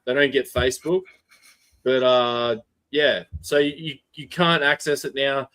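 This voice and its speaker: A man's voice: medium pitch, unhurried. Swearing Australian man telling a story. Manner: swears freely, animated storytelling. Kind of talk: casual chat, storytelling.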